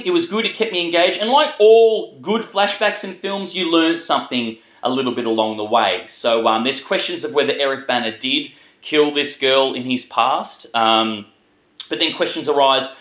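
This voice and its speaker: A man's voice: medium pitch, a bit bright, echoey room, low-quality recording. An Australian man giving a casual, rambling film review, with plenty of swearing and filler words. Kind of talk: casual spoken movie review.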